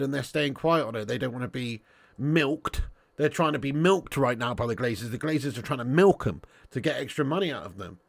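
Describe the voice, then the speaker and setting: Gravelly, sweary man. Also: mid-range voice. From Dorset, England. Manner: sweary, jokey banter. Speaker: football channel host. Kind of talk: casual livestream chat reading comments.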